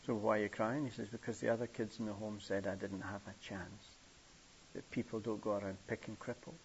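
Gravelly older man preaching with stories. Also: little pitch movement, brisk. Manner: acts out children's voices in a high pitch within stories. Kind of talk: storytelling sermon. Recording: muffled, hissy old tape.

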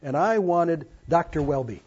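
A man's voice: fairly high pitch, lively intonation, normal speed, darkish tone, slightly rough. An older man earnestly telling his life story to an audience, with folksy asides, in a dull lo-fi recording. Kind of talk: personal testimony to an audience.

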